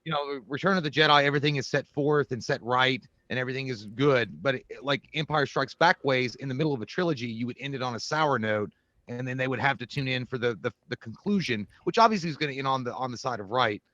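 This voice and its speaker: A man's voice: mid-range voice, quick pace, bright, forceful tone, no echo, highs cut off. A man co-hosting a casual podcast chat, cracking crude jokes between rambling points with many fillers. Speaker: podcast co-host.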